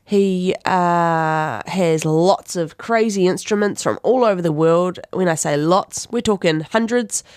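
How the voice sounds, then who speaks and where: A woman with a New Zealand accent runs down local events on community radio in a rambling, easygoing way, catching and fixing her own slips as she goes. Her voice sits a little low. The studio sound is close and dry. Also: unhurried, hardly any pauses, a little mellow, smooth, no room sound. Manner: chatty, rambling, with fillers and self-corrections. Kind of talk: casual community events rundown.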